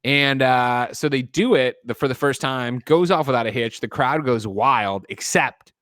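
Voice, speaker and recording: A man, a podcast host, loosely retelling a film's plot in casual chat, swearing and doing quick voices for the characters. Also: mid-range voice, a bit bright, no echo, studio quality. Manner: rambling, profane plot retelling with jokey voices. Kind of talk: casual movie recap chat.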